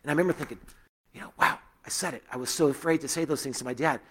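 A man's voice: a little high, rapid-fire. A middle-aged man giving a sermon as a pastor, telling personal stories in a loose, conversational way with frequent fillers and restarts.

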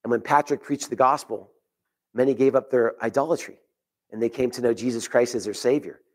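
A man preaching a sermon in church, earnest and steady, reading scripture aloud. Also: mid-range voice, fairly quick. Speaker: pastor.

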